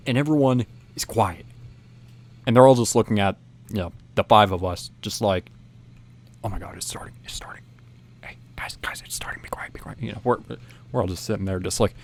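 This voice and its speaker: A man casually recounting a story, rambling with many restarts and filler phrases, animated as he goes. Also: fairly low pitch. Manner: rambling, frequent restarts and "you know"; animated, acts out whispered quotes.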